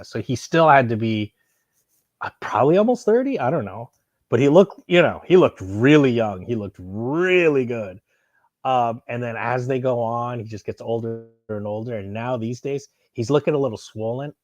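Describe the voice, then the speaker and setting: A man chatting casually on a live stream while unboxing, excitable and rambling, swearing freely. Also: mid-range voice, no room sound. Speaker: streamer unboxing and answering chat.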